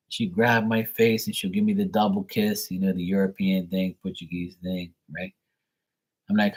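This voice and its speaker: A man with a somewhat low voice telling a personal story in a casual, rambling way. He swears freely and gets animated. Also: normal speed. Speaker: tarot reader, show host.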